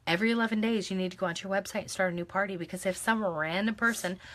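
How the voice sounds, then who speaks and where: A woman's voice: mid-range voice, rapid-fire. A young adult woman giving casual live training to her sales team at home, with lots of ums. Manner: casual, instructive, full of ums; hushed soothing of a child. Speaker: direct-sales team leader.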